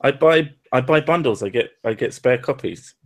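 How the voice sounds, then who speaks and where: A man's voice: medium pitch, animated, normal speed. A man in casual stream chat with a dry, sarcastic manner.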